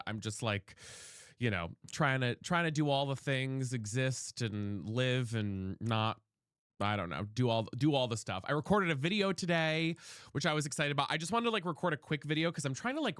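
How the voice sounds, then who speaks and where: A man's voice: mid-range voice, fairly bright tone, clean tone, no room sound, clean studio sound. A young man streaming from his room at home, chatting casually while he plays, greeting viewers by name and swearing freely. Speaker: live streamer. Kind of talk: casual live-stream chat while playing a game.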